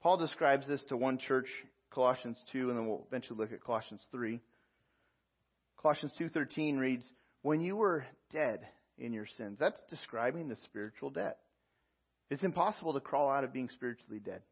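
A man's voice: mid-range voice, animated, moderate pace, slightly rough, highs cut off. A man preaching as a pastor, reading scripture aloud and explaining it verse by verse. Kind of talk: sermon.

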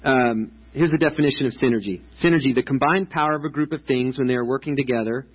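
A man's voice: mid-range voice, quick pace, breathy edge, dull audio. A man in his thirties preaching a casual, chatty sermon to a congregation, with lots of restarts and filler words. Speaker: pastor. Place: church stage before a congregation.

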